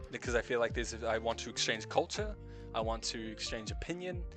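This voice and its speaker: A man's voice: medium pitch, expressive, fairly quick, over music. A man from New Zealand with a light New Zealand accent, a streamer chatting casually in a rambling, self-correcting way with frequent swearing. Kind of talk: casual chat.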